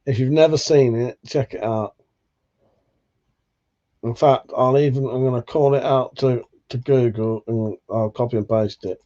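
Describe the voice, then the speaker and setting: A man's voice: medium pitch, measured pace, warm tone. Tired male streamer, laid-back and sweary, on a dull lo-fi mic. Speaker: livestream host. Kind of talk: casual live chat.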